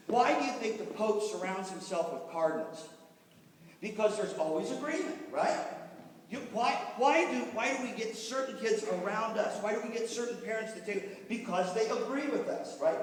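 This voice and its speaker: A man giving a lively workshop talk to music teachers, telling jokes and doing quick voices for the people in his stories. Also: high voice, a little hiss or hum. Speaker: workshop presenter on band administration. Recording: echoey hall, voice from far off.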